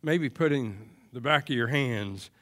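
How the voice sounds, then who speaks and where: Slow, bright-voiced preaching man. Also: mid-range voice, animated. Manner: earnest, emphatic preaching with repeated phrases. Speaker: pastor. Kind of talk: sermon.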